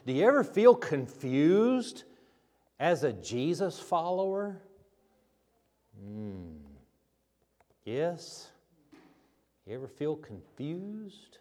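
A man preaching a sermon as pastor, dramatic and emphatic, with rhetorical questions and long pauses. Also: a little high. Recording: reverberant hall.

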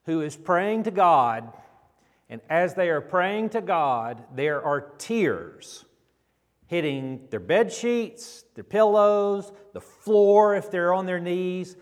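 A man preaching a sermon in an earnest, unhurried way. His voice sinks low and soft when he reads scripture. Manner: slow, earnest, drops low and quiet when reading scripture. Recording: long reverb of a large hall.

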